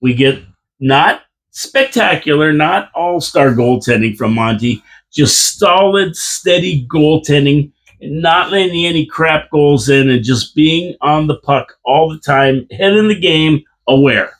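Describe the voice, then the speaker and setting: A man's voice: on the high side, expressive, unhurried. A man co-hosting a casual hockey chat from a radio studio, making emphatic, confident predictions. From Canada. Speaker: podcast co-host.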